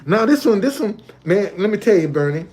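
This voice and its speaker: A man's voice: high-pitched, big pitch swings, a little fast, darkish tone, faint music behind. A man talking casually on a livestream from a hotel, looping back and repeating his points. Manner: repetitive, loose conversational, restates points. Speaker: live streamer.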